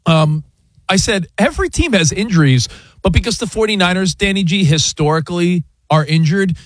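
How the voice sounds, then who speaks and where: A man co-hosting a sports radio show, talking in an excitable, teasing way in a studio. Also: sits high, brisk, dry recording. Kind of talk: casual sports radio banter. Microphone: studio mic.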